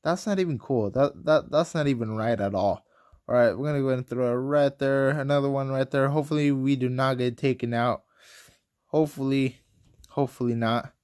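A young man casually commentating his own gameplay, excitable and rambling, quick to get frustrated. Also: medium pitch. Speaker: gaming commentator.

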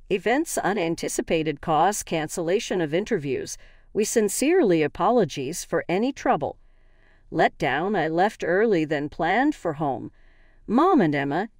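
A woman narrating a first-person family story in a steady, slightly stilted way. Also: on the low side, no echo, clean studio sound.

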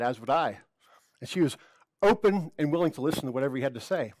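A man's voice: fairly high pitch, no echo. A male pastor preaching a sermon in an earnest way, often repeating words as he goes.

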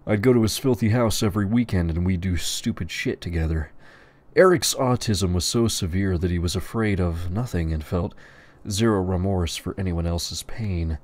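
A man reading crude, profane stories aloud in a deadpan narrating voice. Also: low voice, moderate pace, no room sound. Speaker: storyteller.

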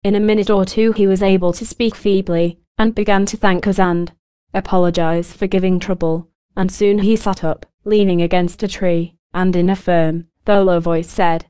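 A woman narrating an occult book in an even, formal reading style. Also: on the low side, moderate pace, clear, resonant tone, no echo. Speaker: audiobook narrator.

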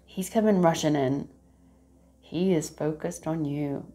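A woman with a lowish voice talks her way through a casual tarot reading. She is chatty and rambling, and often breaks into laughter as she goes. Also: moderate pace, warm tone, faint music behind. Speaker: tarot reader.

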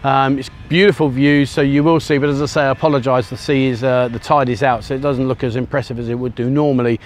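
Speaking fast in a steady, mid-range voice, a man vlogs while walking along a sunny beach, turning his handheld camera toward himself. The audio carries slight hiss or hum, and his rambling, um-filled talk comes a little breathless from trudging through sand.

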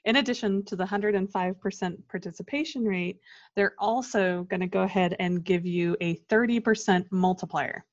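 A woman, a guest advisor, calmly explaining financial products. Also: medium pitch, moderate pace, dry recording. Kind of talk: casual explanatory chat. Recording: dull lo-fi sound.

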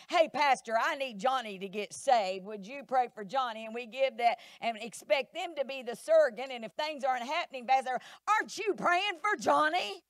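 A woman's voice: on the high side, dry recording, studio quality. A middle-aged woman pastor, preaching a sermon in a church, emphatic and repetitive, acting out quoted voices.

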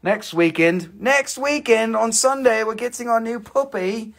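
A man hosts a live stream selling stones, keeping up a casual, chatty sales patter full of jokes and swearing. His voice is extremely high-pitched and a bit bright, with vocal fry and a measured pace.

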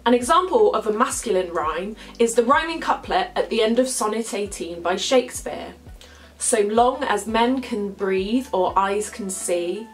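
A young woman, hosting a poetry channel and explaining ideas in a clear, upbeat scripted talk. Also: on the high side, a bit bright, low-quality recording. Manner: clear, upbeat explainer who slows down to read quoted verse. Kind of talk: scripted educational talk to camera.

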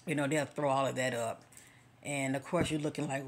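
Deep gravelly woman giving spiritual encouragement. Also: steady tone, a little fast. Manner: direct, conversational, preacher-like, often asks "okay?" and "you know". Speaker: spiritual vlogger. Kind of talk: casual spiritual encouragement talk.

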